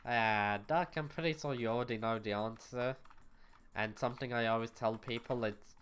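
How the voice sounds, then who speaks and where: A man chatting on a game livestream, rambling and blunt, with plenty of swearing and exasperation. His voice is smooth and clear, sitting at an ordinary middle pitch for a man, and it comes through a desk microphone. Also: moderate pace, fairly bright tone. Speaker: VTuber streamer. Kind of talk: casual gaming livestream chat.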